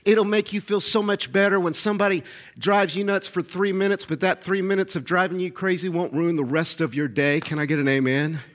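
A man's voice: high-pitched, steady tone, a little fast. A middle-aged man preaching a sermon as pastor, emphatic and repetitive, calling out to his congregation for responses.

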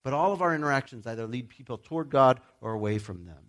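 A man's voice: mid-range voice, expressive, quick pace. A middle-aged man preaching a sermon as a pastor, speaking directly and emphatically to his listeners, with joking asides.

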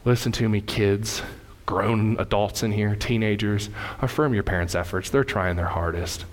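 A man in his thirties delivers a sermon, talking straight to his congregation. He tells family stories with animated energy, his voice climbing higher and louder. A long church-hall reverb trails each phrase. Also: moderate pace. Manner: animated storytelling, rising loud and high in anecdotes. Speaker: pastor. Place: church sanctuary.

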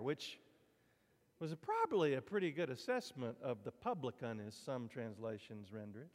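A man preaches to his congregation in a relaxed, folksy, conversational way, often turning to the listeners with asides. His voice sits at an ordinary middle pitch. The sound carries the long reverb of a church sanctuary. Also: normal speed. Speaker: pastor. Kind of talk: sermon.

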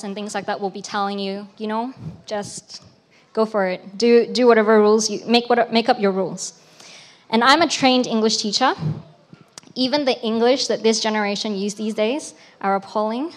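A woman giving an informal sermon talk in a conversational style, with small restarts and rhetorical questions. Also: medium pitch. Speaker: preacher.

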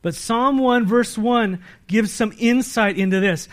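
Emphatic American pastor preaching. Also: male voice, measured pace, few pauses. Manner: asks the congregation questions and answers them himself; swings between loud emphatic peaks and quiet low-voiced stretches. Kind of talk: sermon.

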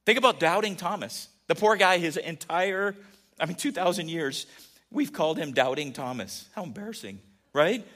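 A pastor preaching in a relaxed, conversational way, his voice sitting a bit higher than most men's. He keeps turning to his listeners with questions, dropping into quiet asides and then rising into emphatic peaks. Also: normal speed. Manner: animated, asks the audience questions, swings between soft asides and emphatic peaks. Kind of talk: conversational sermon.

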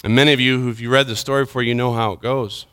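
A man preaching a sermon, retelling a scripture story with dramatic swings from urgent, loud passages to hushed, quiet ones. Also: medium pitch, fairly even intonation, fast talker, clean tone, dry recording, studio quality.

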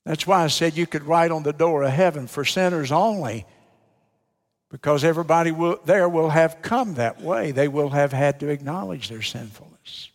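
A man's voice: fairly high pitch, moderate pace. An older man preaching a folksy, emphatic sermon as a Baptist preacher, with rhetorical questions to the congregation. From United States. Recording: long hall reverb.

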